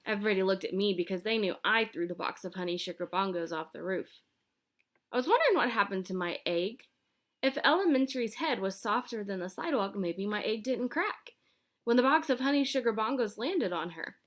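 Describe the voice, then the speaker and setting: A woman's voice: mid-range voice, expressive, brisk, fairly bright tone. Woman reading a children's book aloud. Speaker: audiobook reader.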